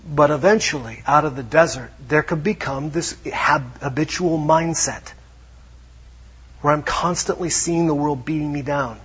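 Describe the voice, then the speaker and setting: A man preaching a lively sermon, acting out little quotes as he goes. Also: a little high, a little slow, breathy edge. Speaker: pastor. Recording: dull lo-fi sound.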